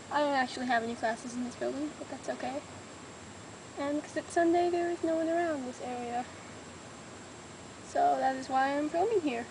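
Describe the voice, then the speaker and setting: A young woman walking around a college campus outdoors, talking casually to a handheld camera in a chatty, rambling way. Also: high voice. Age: young adult. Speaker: college student vlogger. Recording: noisy outdoor camera audio.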